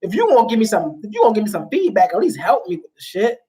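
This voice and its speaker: A woman at ordinary pitch chatting as a guest, an animated storyteller who leans hard on her points. Her talk is loose, emphatic and full of slang. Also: racing. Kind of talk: casual chat.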